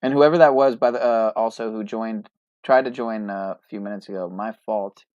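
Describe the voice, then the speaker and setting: A man's voice: on the low side, moderate pace, darkish tone, no echo, highs cut off. A man hosting a podcast in casual chat, rambling and hesitant, often restarting his words. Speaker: podcast host.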